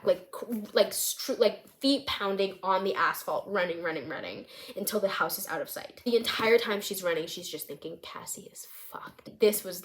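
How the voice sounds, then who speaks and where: A young woman vlogging casually, retelling her script with lively, expressive storytelling and frequent fillers. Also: medium pitch. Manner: animated storytelling, many "like" fillers. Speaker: vlogger writing a film script. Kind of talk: casual chat.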